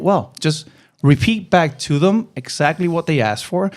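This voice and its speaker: A man's voice: a little high, moderate pace, darkish tone. A man co-hosting a casual podcast about restaurant serving, explaining tips earnestly and swearing now and then. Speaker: podcast host, server.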